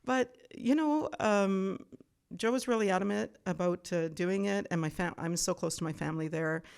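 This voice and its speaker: A middle-aged woman, a guest on an interview show, telling stories in a casual chat, animated and often laughing. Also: mid-range voice, normal speed, vocal fry, clean tone. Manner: animated, laughs often, acts out quoted voices.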